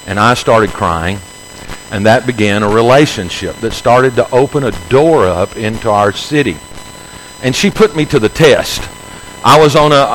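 A middle-aged man, a pastor, telling a personal story in a sermon in an earnest storytelling manner, going quiet and low at emotional moments. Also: slight background noise, rough recording. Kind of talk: sermon testimony.

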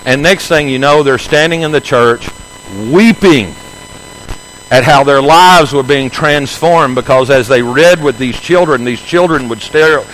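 Middle-aged male pastor, mid pitch, earnest testimony, softens at key moments, faint noise behind. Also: measured pace, rough recording. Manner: earnest storytelling, drops soft and low at emotional points. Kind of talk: sermon testimony.

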